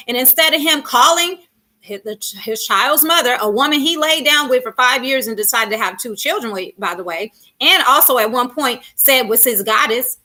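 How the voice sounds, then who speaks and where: A woman's voice: sits high, sharp tone. A woman doing reaction commentary on a vlog, talking emphatically and firing off sassy rhetorical questions. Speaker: commentary vlogger.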